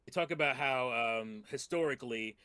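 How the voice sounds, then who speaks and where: A man's voice: medium pitch, brisk, sharp tone, a little hiss or hum. A man co-hosting a casual gaming podcast, blunt and profane, laughing often. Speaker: podcast co-host.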